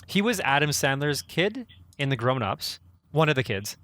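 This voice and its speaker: A Canadian podcast co-host with a medium-pitched voice chats casually at a normal pace, with no echo. He sounds relaxed, and his sentences tend to rise at the end.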